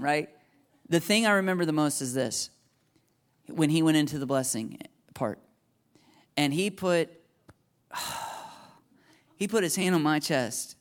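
Animated young man preaching a testimony. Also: a little slow, long pauses. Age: young adult. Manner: animated storyteller, jumps into high excited voices for quoted thoughts. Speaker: pastor. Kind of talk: sermon testimony.

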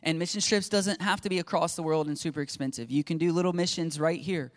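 His voice is a little high and his pace quick as this Christian parenting speaker in his forties preaches informally about faith and family. He stays earnest and energetic, acting out quotations along the way.

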